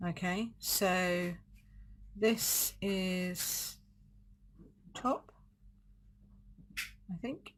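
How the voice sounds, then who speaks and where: A woman's voice: mid-range voice, a little hiss or hum. A woman leading a live card-making demonstration, chatting, thinking aloud and correcting herself as she works. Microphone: desk setup streaming live.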